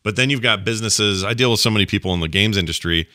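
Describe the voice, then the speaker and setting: A man's voice: on the low side, quick pace, pushed and bright, no room sound, studio quality. A man co-hosting an advice podcast, chatting casually and rambling, sometimes searching for words. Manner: rambling, acts out quoted voices, searches for words. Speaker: podcast co-host.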